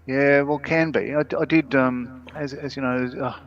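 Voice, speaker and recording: A man's voice: medium pitch, fairly even intonation, measured pace. A man co-hosting a casual live stream, reading viewer comments aloud and laughing often. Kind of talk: casual chat. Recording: dull lo-fi stream audio.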